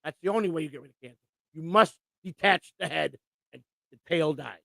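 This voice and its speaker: A man's voice: a little high, a little fast, vocal fry, a bit bright, no room sound. A man co-hosting a casual live stream, talking bluntly and profanely in long rants. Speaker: co-host.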